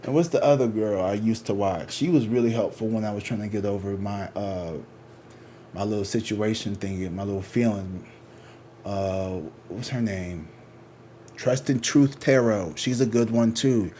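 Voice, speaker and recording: A man's voice: fairly low pitch, moderate pace, warm tone, slight background noise. A man who reads tarot, chatting casually and rambling to his viewers, slangy and swearing freely. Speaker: tarot reader.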